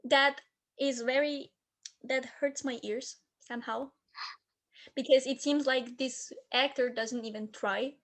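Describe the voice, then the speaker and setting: A woman's voice: high-pitched, steady tone, slow pace, fairly bright tone. A woman co-hosting a fan podcast in English, her second language after German, hesitant and searching for words. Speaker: podcast co-host. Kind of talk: casual podcast chat.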